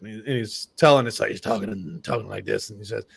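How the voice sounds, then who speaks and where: A man co-hosting a sports podcast, chatting casually and telling stories in a relaxed way that often trails off quietly. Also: lowish voice, fast talker, gravelly, few pauses, husky. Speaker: podcast co-host.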